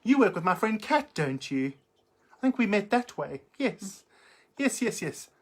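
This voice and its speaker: A woman's voice: mid-range voice, sing-song, unhurried. A middle-aged woman hosting a live chat, reading out viewer comments in a camp, theatrical, giggly manner. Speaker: livestream host.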